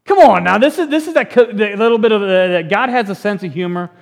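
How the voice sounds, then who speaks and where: A man preaching a sermon in a church, animated and joking, often restarting his sentences. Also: high voice, fast talker, gravelly. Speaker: pastor.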